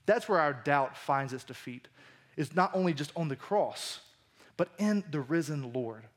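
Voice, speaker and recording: A man preaching a conversational sermon as pastor in a church, swinging between emphatic lines and hushed ones. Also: fairly high pitch, animated, a little slow.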